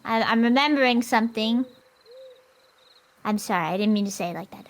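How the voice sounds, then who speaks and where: A woman's voice: fairly high pitch, a little fast. A woman playing a tabletop game, chatting casually and often trailing off in a flustered way.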